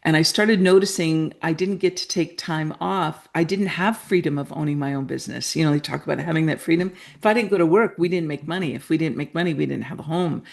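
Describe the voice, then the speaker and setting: A woman's voice: low voice, quick pace, gravelly, few pauses. A middle-aged woman from Canada, a guest telling her story earnestly and acting out the dialogue she quotes. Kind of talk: storytelling interview talk.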